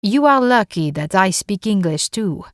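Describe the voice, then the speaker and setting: A woman voicing an older male French judge with a French accent, matter-of-fact and booming, in an audiobook. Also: lively intonation, measured pace, a bit bright, no room sound, studio quality. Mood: measured.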